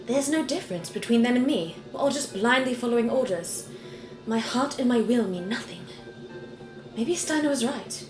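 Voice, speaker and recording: Give me a woman voicing a battle-hardened woman general, commanding and lively in pitch. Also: moderate pace, close to an everyday voice. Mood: doubting. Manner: attempted accent, commanding. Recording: roomy, game music behind.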